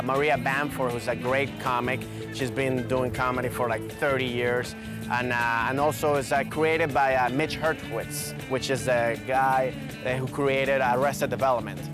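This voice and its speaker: A man with a Spanish-influenced accent, a comedian telling casual stories about his work, chatty with many fillers. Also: medium pitch. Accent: Latino Spanish-influenced. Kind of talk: casual interview storytelling.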